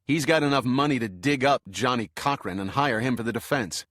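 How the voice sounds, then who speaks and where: A male narrator voicing a tough, blunt male FBI agent with a gruff, clipped delivery. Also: medium pitch, a little fast, a bit bright, no room sound, clean studio sound, close to an everyday voice. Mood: stern.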